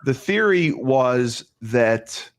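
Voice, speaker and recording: A man's voice: mid-range voice, animated, extremely slow. A male podcast host retelling a crime case in casual talk, emphatic, repeating phrases and restarting often.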